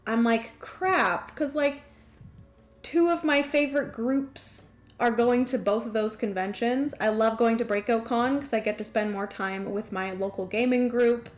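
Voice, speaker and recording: A young woman hosting a livestream, chatting casually with viewers in a bubbly, excitable way and laughing often. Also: fairly high pitch, a little slow. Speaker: livestream host. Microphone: desk microphone.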